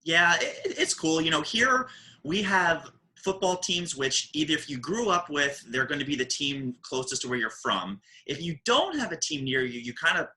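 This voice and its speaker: American guy hosting a podcast, super bright punchy voice, chatty and jokey. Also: normal speed, low-quality recording. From Baltimore, USA. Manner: chatty, jokey, animated pitch swings. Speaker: podcast host. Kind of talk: casual chat.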